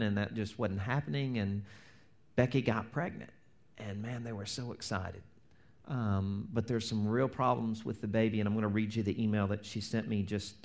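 A man preaching a sermon as pastor, animated, acting out quoted prayers and dropping to near-whispers. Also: fairly low pitch.

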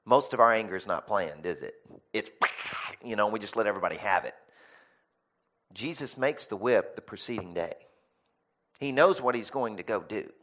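Lively storytelling male pastor, low voice. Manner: lively storytelling with rhetorical questions; jokey asides to the congregation. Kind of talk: sermon.

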